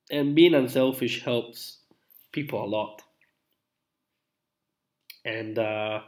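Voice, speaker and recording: A young man chats with his live-stream viewers while he is feeling unwell. His voice sits at an everyday middle pitch. He rambles, backtracks and fills the pauses with ums and uhs. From Italy. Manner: chatty, rambling, with many fillers and restarts. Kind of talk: casual live-stream chat.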